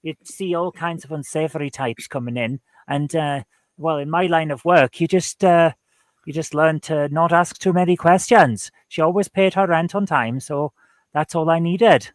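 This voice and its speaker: A chatty Welsh barman who keeps out of other people's business, as a game master puts him on. He rambles along with friendly little hesitations, a touch high-pitched, in a dry close sound. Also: normal speed, dry recording, lightly acted.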